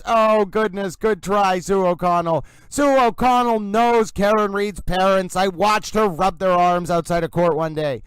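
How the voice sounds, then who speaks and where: A young man hosting a casual livestream, chatty and excitable, rambling and wired from caffeine. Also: sits high, measured pace, hardly any pauses, clear, resonant tone, no room sound, low-quality recording. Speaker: livestream host.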